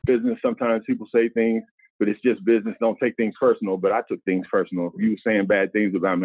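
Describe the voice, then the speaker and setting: A man's voice: on the low side, quick pace, no echo. A middle-aged man, a former pro basketball player, telling candid stories in an interview and acting out the voices of the people in them. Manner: animated, acts out quoted voices. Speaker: former NBA player, guest. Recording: tinny phone-like line.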